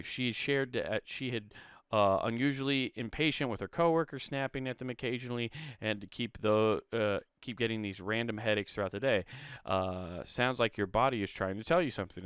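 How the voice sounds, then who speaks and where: A man's voice: fairly low pitch, smooth, no echo, studio quality. A man hosting a comedic solo podcast, reading an article aloud and breaking off into irreverent, profane asides.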